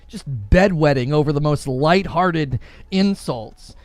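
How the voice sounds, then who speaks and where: A man's voice: a little high, expressive, takes it slowly, darkish tone, no room sound, faint music behind. A young man hosting a gaming live stream, reading viewer comments aloud in a sarcastic, mocking way and laughing often. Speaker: gaming livestream host.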